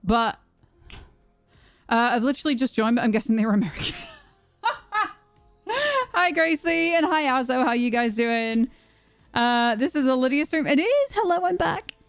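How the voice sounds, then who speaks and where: A young British woman streaming, telling a story to her chat in a chatty, animated way with plenty of restarts. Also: high voice, unhurried, pauses often, no room sound, faint music behind. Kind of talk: casual storytelling to a live chat.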